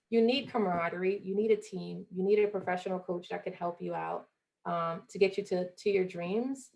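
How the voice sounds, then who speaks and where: Young woman, from Jamaica, gravelly voice, earnest motivational talk, podcast guest. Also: on the low side, fairly even intonation, brisk, a little mellow. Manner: earnest, acts out quoted voices. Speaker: guest, former college athlete.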